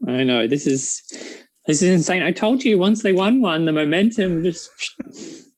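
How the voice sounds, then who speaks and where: A man's voice: high-pitched, expressive, moderate pace, dry recording. A man co-hosting a casual chat, making dry, wry remarks. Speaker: co-host.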